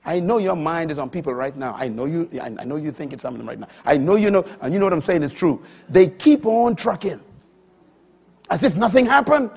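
A man in his fifties preaching a sermon, emphatic, moving between loud declarations and quiet asides. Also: on the high side, animated, quick pace, gravelly, few pauses, husky.

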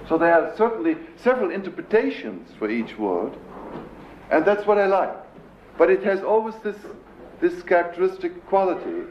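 A man with a German accent giving a live lecture as a composer, pausing to search for English words and imitating sounds with his voice. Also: a little high. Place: lecture hall. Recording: roomy dull 1970s lecture recording with faint hiss.

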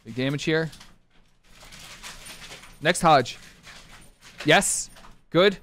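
A man streaming a competitive online game live, talking his teammates through the match in short clipped callouts and bursting into excited shouts. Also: fairly high pitch, extremely slow, slight background noise. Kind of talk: live gameplay commentary.

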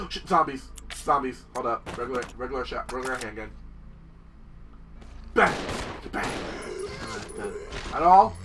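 Excitable man narrating a game, bright voice. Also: medium pitch, measured pace, long pauses, far from the mic, soft background music. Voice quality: excitable, squeals and shouts in disgust. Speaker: gaming video host. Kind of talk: casual let's-play commentary.

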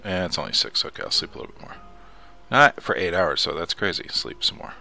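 A man with a low, gravelly voice and a bright, edgy tone chats his way through a survival game. He mutters to himself between actions and swears when something startles him. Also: animated, fast talker. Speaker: let's play host. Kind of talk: casual gameplay commentary.

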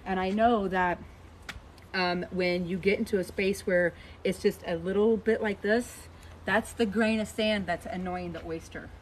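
A woman's voice: mid-range voice, steady tone, unhurried, slight background noise, low-quality recording. A woman from Missouri, a horse trainer talking casually to camera outdoors while trimming her horse's hoof, joking and folksy.

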